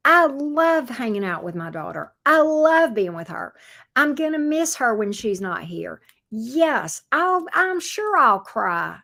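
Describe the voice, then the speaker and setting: A woman's voice: on the high side, sing-song, takes it slowly, creaky, a bit bright. A woman, hosting a casual tarot livestream, talking bluntly and reading viewer comments aloud. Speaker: tarot reader livestream host.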